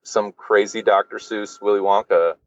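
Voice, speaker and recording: A man's voice: fairly low pitch, fairly even intonation, moderate pace, no echo, dull audio. A man guesting on a podcast, telling a personal story casually, with lots of fillers and swearing. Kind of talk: candid storytelling.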